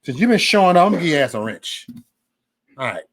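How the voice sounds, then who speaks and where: A man hosting a casual livestream chat, loud and profane, swinging between shouting and mumbling. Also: fairly high pitch, big pitch swings, quick pace. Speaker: livestream host.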